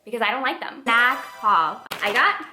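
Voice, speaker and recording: A woman in her twenties reviewing books in a casual vlog, animated, expressive and chatty. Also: on the high side, moderate pace, over music. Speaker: book vlogger.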